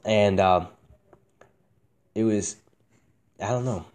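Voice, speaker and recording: A young man hosting a casual podcast, talking candidly and profanely, swinging between a flat monotone and excited bursts. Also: lowish voice, slow pace. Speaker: podcast host.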